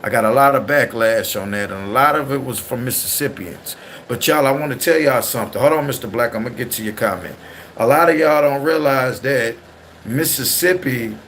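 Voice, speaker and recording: A man's voice: mid-range voice, a bit bright, a little hiss or hum. Slangy rambling man on a livestream. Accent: California with Southern slang. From Southern US. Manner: loose, rambling, slangy, talks to chat directly. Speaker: livestream host. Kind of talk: casual livestream chat, reading comments.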